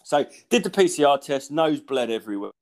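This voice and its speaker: A young man co-hosts a casual podcast while groggy and unwell. His voice sits at an ordinary middle pitch. He rambles through sweary anecdotes and keeps breaking into laughter mid-sentence. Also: sing-song, a little fast, over a noisy crowd. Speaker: podcast co-host. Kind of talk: casual chat.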